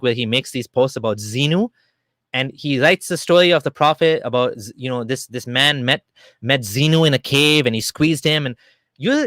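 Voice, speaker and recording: A man talking straight to camera in a casual, heated monologue, animated and argumentative, with plenty of restarts. His voice sits at an ordinary middle pitch. The recording is close and dry. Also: dry recording. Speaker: video creator.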